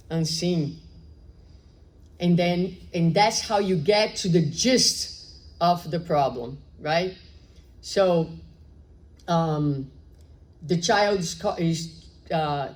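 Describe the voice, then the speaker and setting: Lower-voiced woman giving a spiritual lecture. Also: poor audio. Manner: conversational, with frequent rhetorical questions and "right?" tags; acts out short dialogues in her story. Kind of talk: public lecture on spiritual psychology.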